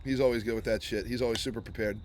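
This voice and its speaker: A man in a band, co-hosting a live Q&A and telling animated tour stories with plenty of swearing. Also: mid-range voice, slight background noise. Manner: quick, animated storyteller, swears a lot. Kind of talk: casual chat.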